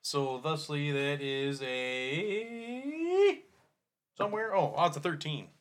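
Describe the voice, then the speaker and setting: A man playing in a tabletop game, chatting casually in an excitable, joking way and laughing often. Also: on the high side, slow, over a noisy crowd. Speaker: player.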